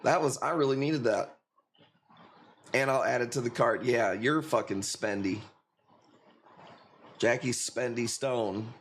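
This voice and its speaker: A man's voice: medium pitch, measured pace, pauses often. A man with a Chicago accent talks casually to his livestream audience in a mid-range voice. He swears freely and laughs easily, and a faint background noise sits under his talk. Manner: laid-back, profane, laughing often. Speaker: livestream host selling corals.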